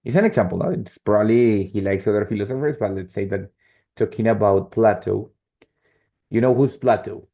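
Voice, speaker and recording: A man teaching an online English lesson, explaining slowly and often checking in with "right?" and "yes?". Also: lowish voice. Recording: dull lo-fi call audio.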